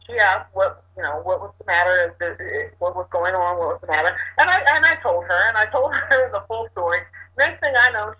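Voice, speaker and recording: A woman co-hosting a casual talk show, telling a personal story in an animated way with laughs. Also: mid-range voice. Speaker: co-host. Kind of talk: casual chat. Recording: dull lo-fi sound.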